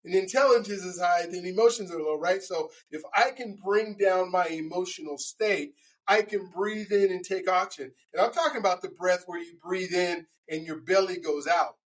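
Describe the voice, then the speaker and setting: A man's voice: high voice, moderate pace, poor audio. A man answering interview questions as a guest speaker, telling stories with many fillers and restarts.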